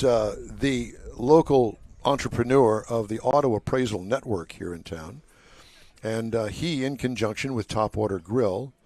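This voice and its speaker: A man's voice: mid-range voice, no echo. Chatty older man hosting live. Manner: chatty, joking, rambling. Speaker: show host. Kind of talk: casual live show chat. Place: outdoor waterfront car show.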